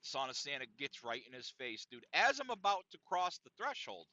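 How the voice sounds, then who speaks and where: Animated, profane man telling a story. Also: mid-range voice, normal speed, dry recording. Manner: animated, profane, laughing often. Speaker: podcast host. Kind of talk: casual storytelling. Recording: dull lo-fi dry sound.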